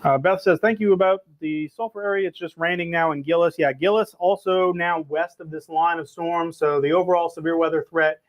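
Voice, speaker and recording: A slightly hoarse man, a meteorologist, giving a relaxed, conversational live weather briefing and answering viewer reports. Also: a little high, brisk, few pauses. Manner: relaxed, conversational, plenty of filler words. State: hoarse, losing his voice.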